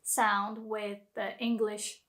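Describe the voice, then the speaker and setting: A woman teaching pronunciation, speaking slowly and carefully and demonstrating sounds for the listener to repeat. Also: mid-range voice, level tone, fairly bright tone. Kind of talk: pronunciation lesson.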